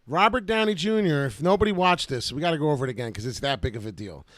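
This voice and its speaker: A man hosting a casual live stream about crypto charts, talking in an excitable, rambling way. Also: fairly high pitch, fast talker, a little hiss or hum.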